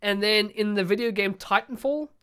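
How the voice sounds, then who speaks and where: A man from South Africa with a South African accent, hosting a casual podcast interview, chatty and quick to laugh, often repeating words as he talks. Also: high voice, pushed and bright, clean tone. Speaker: podcast host.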